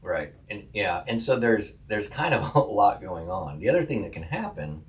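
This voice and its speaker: A man with a lowish voice co-hosts a podcast as a counselor. He talks in a relaxed, casual way, laughing often and restarting his sentences as he thinks aloud. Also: moderate pace. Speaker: podcast co-host, licensed counselor.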